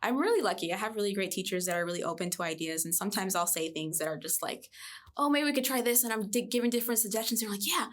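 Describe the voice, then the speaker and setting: A woman in her thirties, a reading coach, chatting in a podcast interview and telling stories with a lively, expressive voice. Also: mid-range voice, rapid-fire, few pauses. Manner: animated storyteller, lively voice jumps.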